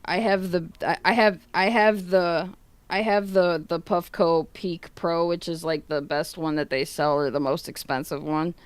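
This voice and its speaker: A woman's voice: on the low side, fairly even intonation, unhurried, clear, resonant tone, dry recording. A woman streamer chatting casually on a livestream, swearing a lot and retelling what family and chat said. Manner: laughing, swearing, retelling chats with friends and family. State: coughing.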